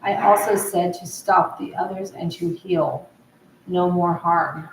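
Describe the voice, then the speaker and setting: A woman's voice: lowish voice, fairly even intonation, takes it slowly. A woman in an agitated, rambling monologue, repeatedly relaying what others told her. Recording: roomy echo, faint background noise.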